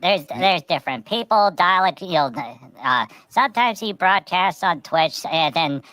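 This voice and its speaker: A woman hosting a comedy show, telling silly stories in a halting, rambling way. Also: lowish voice, animated, a bit bright, no room sound, rough recording. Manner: halting, many restarts and "you know". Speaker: host. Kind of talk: rambling comic storytelling.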